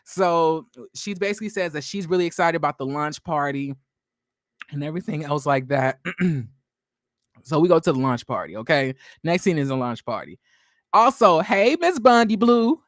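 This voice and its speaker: A man's voice: a little high, normal speed, no echo, studio quality. A man recapping a reality TV episode in a casual, sassy way, chatting to viewers and drifting into asides. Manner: sassy, slangy, addresses viewers as y'all.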